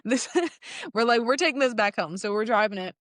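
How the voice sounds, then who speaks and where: A young adult woman telling a casual story in an animated way, laughing often and acting out the lines of the people in it. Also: on the high side, moderate pace, no echo, studio quality. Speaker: guest telling her car story.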